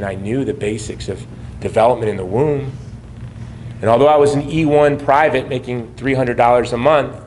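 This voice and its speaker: A man in his forties from the United States speaks at medium pitch, with slight background noise. He's giving a personal testimony speech at a gala in a banquet hall, moving from wry humor into earnest storytelling.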